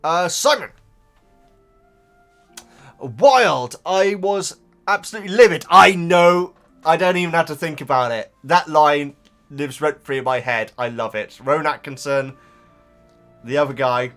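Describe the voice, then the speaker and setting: A man's voice: fairly high pitch, steady tone, moderate pace, a bit bright, faint music behind. A man chatting casually as a YouTube reactor, reading out viewer comments and rambling, often stumbling over repeated words. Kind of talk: casual chat.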